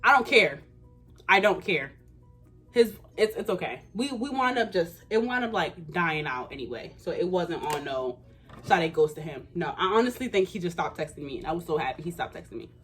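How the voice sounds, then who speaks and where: A woman's voice: fairly low pitch, expressive, normal speed, fairly bright tone, slightly rough, faint music behind. A woman in her twenties telling a casual storytime, slangy and emphatic. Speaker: vlogger.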